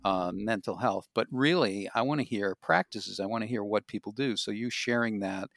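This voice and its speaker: Gravelly-voiced man hosting a chat. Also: fairly low pitch, normal speed, fairly bright tone, dry recording, clean studio sound. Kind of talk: casual chat.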